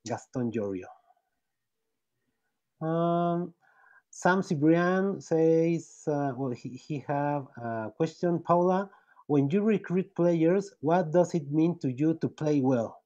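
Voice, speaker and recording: A man who is not a native English speaker hosts an interview, speaking haltingly, repeating words and reading out viewer messages over a video call. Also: fairly high pitch, expressive, mellow, muffled recording. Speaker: podcast host. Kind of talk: interview hosting.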